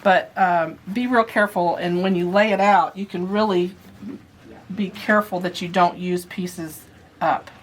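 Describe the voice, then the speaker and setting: A woman's voice: fairly low pitch, fairly even intonation, a little slow. A woman giving a casual sewing demonstration, chatting as she explains each step while she handles the materials. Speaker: sewing instructor.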